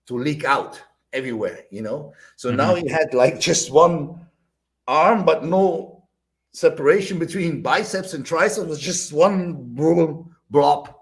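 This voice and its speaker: An older man with a German accent, a bodybuilder guest telling animated stories, acting out quotes with loud bursts and laughter. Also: a little high. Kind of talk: animated storytelling.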